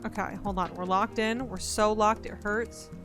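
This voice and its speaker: A woman's voice: medium pitch, fairly even intonation, moderate pace, fairly bright tone, faint music behind. A woman streaming live, chatting in a playful, joking way and thanking her donors. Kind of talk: casual live-stream chat.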